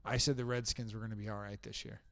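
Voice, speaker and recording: Gravelly-voiced man, opinionated sports talk. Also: on the low side, flat delivery, fast, fairly bright tone, no echo. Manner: opinionated, confident football predictions. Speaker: podcast co-host. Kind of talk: casual sports chat.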